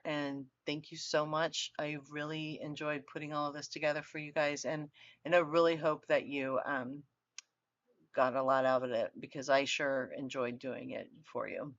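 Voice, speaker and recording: This university lecture, recorded for online viewing, features a woman whose low voice moves at an unhurried pace with fairly even intonation. She comes across as earnest and conversational, frequently starting her sentences over, and the audio is dry, dull, and lo-fi.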